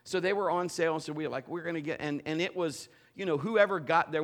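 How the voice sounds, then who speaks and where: A middle-aged pastor with a fairly high voice talks fast through a humorous sermon, animated and joking, full of stories and acted-out quotes.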